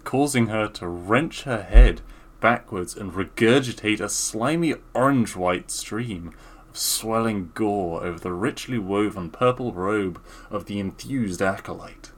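A man's voice: fairly low pitch, measured pace. A young man reading overwrought fiction aloud for laughs, in an earnest, theatrical way.

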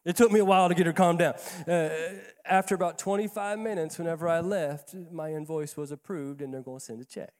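A man with a fairly high voice tells a sermon story in a folksy, chatty way. He often stumbles and repeats words as he goes. His voice carries a long echo, as in a church hall. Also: brisk, hardly any pauses. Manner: conversational, folksy, repeats words when excited. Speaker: pastor. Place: church sanctuary.

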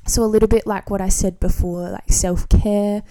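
A woman in her twenties hosting a solo podcast, talking casually in a relaxed, rambling way with frequent ums and restarts. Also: medium pitch, normal speed. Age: 20s. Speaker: podcast host.

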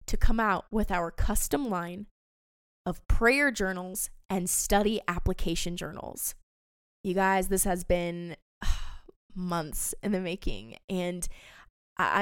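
A young adult woman hosts a devotional faith podcast, speaking earnestly and passionately and calling her listeners "you guys." Her mid-range voice has a clean tone with no room sound, recorded at studio quality.

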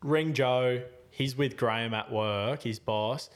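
A man's voice: mid-range voice, takes it slowly. Young guy in his twenties, podcast host, slangy rambling storyteller, voice jumping up and down. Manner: slangy, rambling with many fillers and restarts. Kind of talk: casual storytelling chat.

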